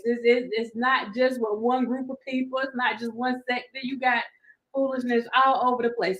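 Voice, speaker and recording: A woman's voice: on the high side, fairly bright tone. A woman giving a laughing, playful casual commentary to her viewers. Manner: laughing, playful Southern-style slang. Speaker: commentary vlogger.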